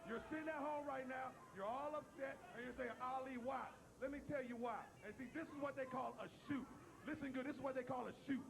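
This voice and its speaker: A man's voice: very high voice, steady tone, quick pace, creaky, noisy background. A man cutting a brash wrestling promo in a TV studio, repeating himself and taunting the crowd. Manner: brash, repetitive trash talk.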